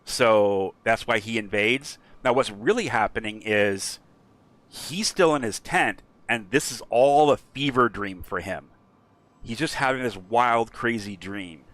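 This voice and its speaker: A male streamer tells a story in a loose, rambling way, full of fillers and restarts. His voice sits fairly low, and he gets animated as he goes. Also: a little slow. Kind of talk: casual storytelling about a game character.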